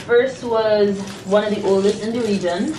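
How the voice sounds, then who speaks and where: A young woman recapping the day in a relaxed, hesitant way, with lots of fillers. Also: medium pitch, normal speed, distant mic. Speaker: travel companion. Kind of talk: casual chat. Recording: roomy, off-mic, noisy.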